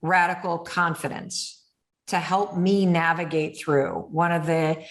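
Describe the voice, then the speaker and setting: A woman hosting a podcast interview, telling stories in an animated, blunt way and cursing freely. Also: on the low side, a little slow, roomy sound. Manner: animated storyteller who acts out inner voices, blunt and swears freely. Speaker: podcast host. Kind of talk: candid conversational interview.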